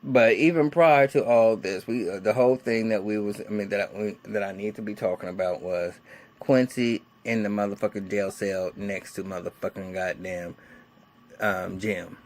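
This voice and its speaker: A man in his forties giving a casual, excitable, heavily cursing recap of a TV episode. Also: lowish voice, moderate pace. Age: 40s. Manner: excitable, heavily cursing, acts out characters' lines. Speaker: TV episode reviewer.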